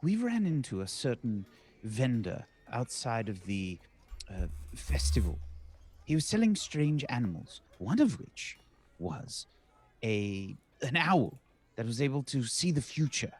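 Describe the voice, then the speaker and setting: A man playing a formal, husky-voiced adventurer. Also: medium pitch, sing-song, a little mellow. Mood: earnest. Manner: measured and formal, persuasive.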